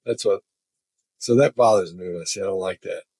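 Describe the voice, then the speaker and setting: Brief: man, relaxed chatty storyteller, husky low voice, dry recording. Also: fairly quick, dry recording. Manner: chatty, laughs while telling stories. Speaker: body language expert. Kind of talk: casual storytelling.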